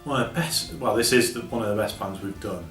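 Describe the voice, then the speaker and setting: A man's voice: fairly low pitch, quick pace, a bit bright. A man co-hosting an album review, chatting casually and enthusiastically, laughing between remarks. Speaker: podcast co-host reviewing albums. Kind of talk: casual chat. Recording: distant, roomy sound with faint music.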